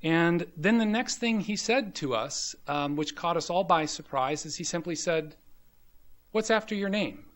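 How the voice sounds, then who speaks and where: Slightly high-voiced man telling stories. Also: moderate pace, few pauses, fairly bright tone. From American South. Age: 50s. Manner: anecdotal storyteller, frequent ums and you-knows. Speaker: grand rounds speaker. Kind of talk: medical lecture told through personal stories. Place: lecture hall.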